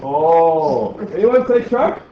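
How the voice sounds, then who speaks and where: Brief: male science teacher, fairly high voice, questioning style, muffled classroom recording with light hiss. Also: sing-song, slow pace. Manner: chatty, asks the class questions. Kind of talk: classroom physics lesson.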